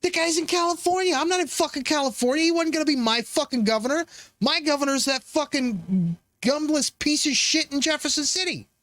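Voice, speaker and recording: A man's voice: extremely high pitch, a little fast, fairly bright tone, no room sound. A man hosting a commentary show, reacting to political clips in a profane, sarcastic, rambling rant full of restarts.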